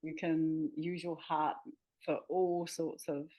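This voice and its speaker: A New woman talks as a guest on an interview show, her voice sitting a little low for a woman. She sounds enthusiastic and laughs easily, and she sometimes hunts for the right word mid-sentence. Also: level tone, takes it slowly, dull audio. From New Zealand. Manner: enthusiastic, laughing, searching for words. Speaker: guest, healer and author. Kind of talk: casual interview chat.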